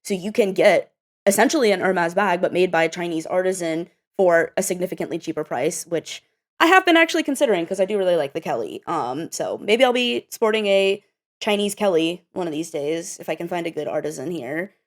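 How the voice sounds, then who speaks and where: A woman talks as a podcast guest in a loose, blunt, chatty way, swearing as she goes. Her voice sits a little low for a woman. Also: lively intonation, brisk. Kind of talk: casual podcast chat.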